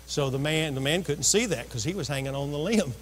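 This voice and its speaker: Male pastor preaching, higher than usual pitch, echo of a large church hall. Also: animated, a little fast, a little hiss or hum. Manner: storytelling preacher who acts out voices. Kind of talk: sermon. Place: church sanctuary. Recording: long reverb of a church hall.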